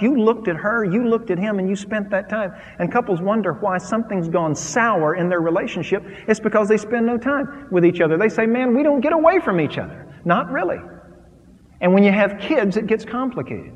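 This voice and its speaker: A middle-aged man delivers a sermon in a fairly high voice, pushing hard on his emphatic lines and dropping to a hushed hush for personal stories. His voice rings out through the long reverb of a large church sanctuary. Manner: swings from loud preaching to quiet, hushed storytelling. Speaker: pastor.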